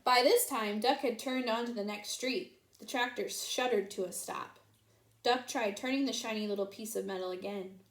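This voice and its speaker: In a fairly high voice at a moderate pace, a woman reads a children's picture book aloud in an expressive, sing-song storytelling style. The recording has a roomy echo.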